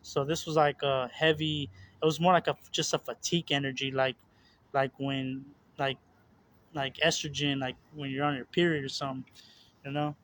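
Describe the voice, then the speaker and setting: A man's voice: mid-range voice, little pitch movement, moderate pace, a bit bright. A young man talking casually and earnestly about his spiritual struggles, rambling with repeated words, fillers and restarts. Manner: earnest, confessional. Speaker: religious video host.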